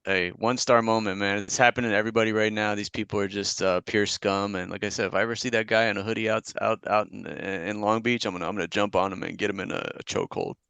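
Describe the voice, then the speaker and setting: Gravelly low-voiced male podcast host. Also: steady tone, fast, hardly any pauses, a bit bright, no echo. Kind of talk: casual sports banter. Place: Long Beach.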